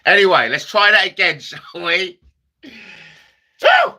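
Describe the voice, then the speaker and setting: A man's voice: high-pitched, normal speed, bright, forceful tone. A man doing comic card-trick patter as a magician, self-mocking and chatty with the audience. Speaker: comedy magician.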